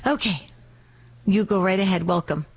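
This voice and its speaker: A woman's voice: mid-range voice, moderate pace, husky. A woman co-hosting a call-in radio show, welcoming callers and praising them with enthusiasm. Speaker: radio co-host.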